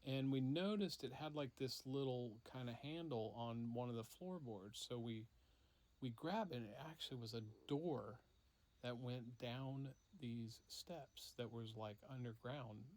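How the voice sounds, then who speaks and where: A man casually telling a story to his child, relaxed and unhurried, with lots of fillers, acting out the parts as he goes. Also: mid-range voice.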